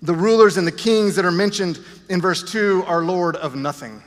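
A man's voice: high voice, normal speed. Man preaching in a reverberant church. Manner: earnest with self-deprecating asides. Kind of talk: sermon.

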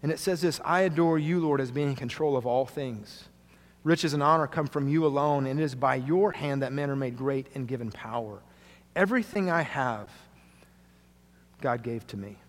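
A male pastor preaching a sermon to a congregation, earnest, often dropping quietly for emphasis. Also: medium pitch, moderate pace. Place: church sanctuary. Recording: long hall reverb.

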